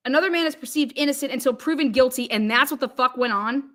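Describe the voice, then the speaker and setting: A woman's voice: high-pitched, fast talker, a bit bright. Angry, profane woman livestreamer. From Ohio. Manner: angry, profane ranting with frequent restarts; reads viewer comments aloud. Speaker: livestream host. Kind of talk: live stream commentary.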